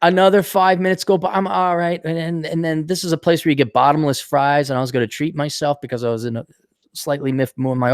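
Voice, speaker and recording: A man hosting a casual podcast chat, ranting with lots of swearing and animated storytelling. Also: a little high, quick pace, dry recording, studio quality. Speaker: podcast host.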